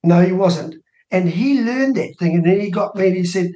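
Guest: New Zealand man in his sixties, fairly high voice, spins animated anecdotes, roomy studio sound. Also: brisk. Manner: acts out quoted dialogue with lively rising voice. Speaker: interview guest, minor party co-leader. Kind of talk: animated personal storytelling.

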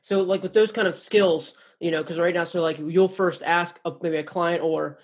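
Podcast host man, slightly high, husky voice, casual rambling questions. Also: steady tone, moderate pace. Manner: rambling, many fillers and restarts.

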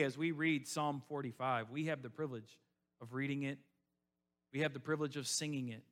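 Man preaching with loud-soft swings. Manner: swings from loud rising appeals to soft hushed lows; repeats phrases for emphasis. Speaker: pastor. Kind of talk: sermon.

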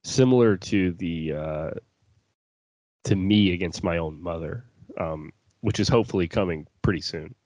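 Low-voiced male podcast co-host, laughy and crude, dry close sound. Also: normal speed, a little mellow, dry recording. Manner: laughs often, stammering restarts, swears. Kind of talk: casual crude chat.

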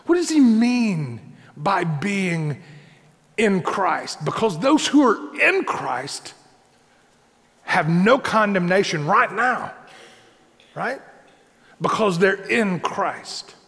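A male pastor with a high, lively voice and a gravelly edge, preaching in a relaxed, conversational way. He repeats his key points and keeps checking in with his listeners. The sound rings with the long reverb of a hall. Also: extremely slow, pauses often. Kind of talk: sermon.

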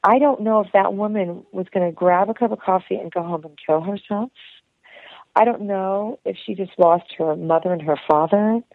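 Expressive woman telling a story over a tinny line. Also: mid-range voice, moderate pace, dry recording. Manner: emotive, acts out quoted voices, laughs often. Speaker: actress and singer, podcast guest. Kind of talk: animated storytelling in an interview. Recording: tinny phone-like line, dry.

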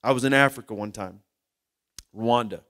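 A middle-aged male pastor preaching a sermon in an earnest way, rising loud and then dropping low and emotional. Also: normal speed.

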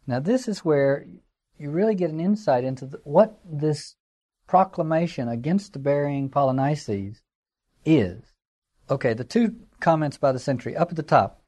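A man's voice: on the high side, lively intonation, normal speed, dark tone. A man giving a classroom lecture in a conversational, digressive way, with fillers and wry asides. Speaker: teacher.

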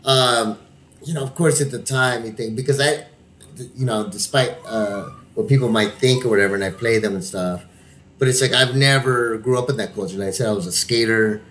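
A man's voice: mid-range voice, brisk, fairly bright tone. A man in casual podcast chat, joking and swearing as he talks, often breaking into laughter. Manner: profane, laughing, jokey. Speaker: podcast co-host. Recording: roomy echo, faint room noise.

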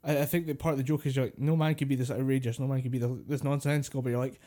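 A man talks casually as a podcast co-host. His voice is mellow and relaxed. He often breaks into laughter. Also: medium pitch, racing. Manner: chatty, laughs at his own jokes. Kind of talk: casual chat.

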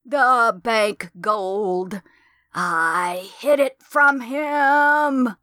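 A woman voicing the ghost of a murdered mother, in a husky, gravelly, drawn-out wail in an audiobook. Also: on the high side, sharp tone, no room sound, studio quality, pitched above the performer's own voice, full character voice.

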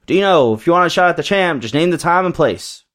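A man's voice: fairly high pitch, animated, a little fast, fairly bright tone, pitched above the performer's own voice. A man voicing a confident male wrestling champion who tosses out a challenge in a laid-back, offhand way. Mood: cocky.

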